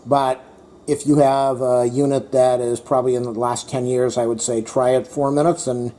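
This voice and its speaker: A man's voice: mid-range voice, little pitch movement, moderate pace, dark tone. A man chatting to his viewers in a casual home cooking vlog, talking to his dog between bites. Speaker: cooking vlogger.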